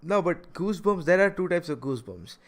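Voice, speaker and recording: A man's voice: a little high, a little fast. Young man stammering through podcast chat. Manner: animated, with frequent stammered restarts and laughter. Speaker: podcast host.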